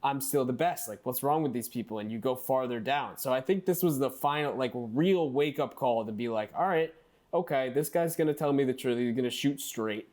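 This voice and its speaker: A man's voice: mid-range voice, fairly quick. A man co-hosting a casual movie podcast, retelling scenes and acting out quotes. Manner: animated, acts out quotes in character voices. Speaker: podcast co-host.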